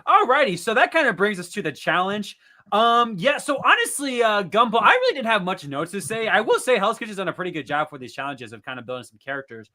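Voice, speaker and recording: A man hosting a casual podcast recap over a video call, talking in an animated way with lots of fillers and restarts. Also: high voice, quick pace. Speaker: podcast host.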